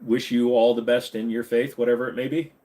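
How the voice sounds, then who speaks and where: A man's voice: medium pitch, little pitch movement, brisk, warm tone. A man hosting a casual livestream from his home computer room, reading chat questions aloud and answering them in a rambling, joking way.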